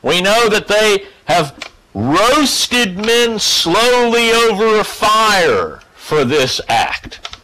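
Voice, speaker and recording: A man giving a casual spoken lecture to a class, profane, animated and emphatic. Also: high-pitched, extremely slow, poor audio. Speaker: class teacher.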